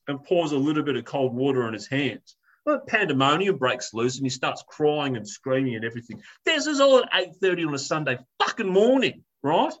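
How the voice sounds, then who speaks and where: A man's voice: on the high side, very animated, a little fast, a bit bright, rough recording. A man telling a story in a casual chat, ranting animatedly, swearing and acting out the people in it.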